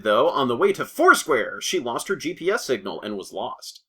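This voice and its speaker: A man's voice: medium pitch, wildly swooping pitch, normal speed, bright, forceful tone, husky. Amused man narrating fanfiction. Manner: amused, often breaking into laughter. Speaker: narrator reading fan fiction. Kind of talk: comedic fanfiction reading.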